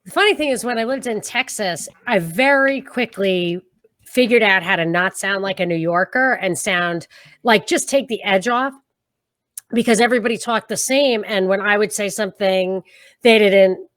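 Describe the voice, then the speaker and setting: A woman's voice: mid-range voice, moderate pace, dry recording. Brooklyn-accented woman, dry close sound. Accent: New York. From Brooklyn, New York. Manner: animated, laughs often. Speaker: podcast co-host. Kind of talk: casual chat. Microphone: livestream video call.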